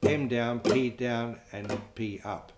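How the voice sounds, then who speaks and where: Slow-talking man teaching flamenco guitar. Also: mid-range voice, steady tone. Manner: slow, counts beats aloud over guitar.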